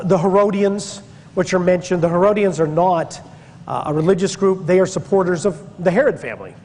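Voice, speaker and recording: A man's voice: high voice, warm tone. Man lecturing in an echoing hall. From Pennsylvania, USA. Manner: conversational and digressive, with emphatic stresses. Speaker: church history teacher. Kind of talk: classroom-style Bible lecture.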